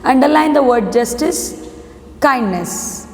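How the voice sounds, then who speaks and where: Slow, clear teacher in an echoey room. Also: female voice, on the high side, darkish tone. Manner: instructive, repeats directions to pupils. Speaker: schoolteacher. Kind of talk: online class lesson, reading a story aloud. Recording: echoey room with long reverb.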